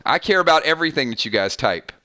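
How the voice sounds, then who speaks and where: Man, live-stream host, casual chat, bright tone, slightly high pitch, frequent restarts. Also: animated, fast talker. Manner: chatty, self-interrupting, stumbles and restarts often.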